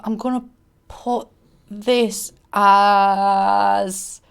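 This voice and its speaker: A woman's voice: mid-range voice, a little fast. A young woman from England with a Middlesbrough accent, chatting casually to camera about games in a bubbly, giddy and sarcastic way. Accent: Middlesbrough English. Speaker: gaming YouTuber.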